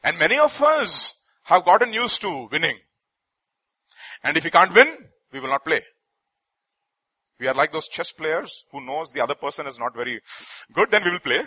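A man preaching a sermon with a husky voice, stressing key phrases and repeating them. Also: a little high, sing-song, moderate pace, long pauses, bright, forceful tone, no echo. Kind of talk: sermon with storytelling.

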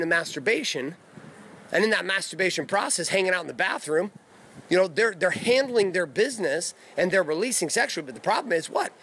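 A man in his thirties delivers a loose, blunt monologue full of profanity. His voice sits a little high for a man. He talks casually, as if recording in his backyard. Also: fairly bright tone, slight background noise. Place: backyard outdoors.

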